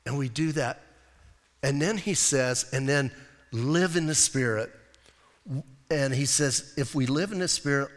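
A high-pitched man delivering a sermon, lively and conversational, firing questions at his listeners. His voice rings with a long hall reverb. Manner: animated, conversational preaching with rhetorical questions. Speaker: pastor.

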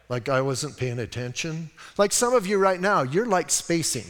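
A male pastor with a fairly high voice preaches in a casual, emphatic manner, often urging his listeners to listen. His sermon rings out with a long reverb in a church sanctuary. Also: animated, moderate pace, few pauses. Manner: emphatic and conversational, repeats "listen", acts out little scenes.

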